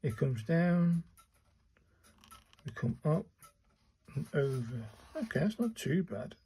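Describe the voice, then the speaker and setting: With a fairly high, warm voice that swings widely in pitch and has a breathy edge, a man slowly talks himself through his calligraphy strokes. He hosts a channel and is still learning, muttering casual step-by-step narration as he practices, and the audio is poor.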